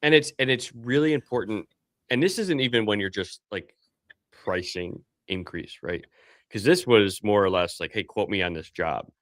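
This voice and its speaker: A man's voice: lowish voice, moderate pace, fairly bright tone, no echo. A man co-hosting a business podcast, giving emphatic casual advice, listing points and rephrasing as he goes.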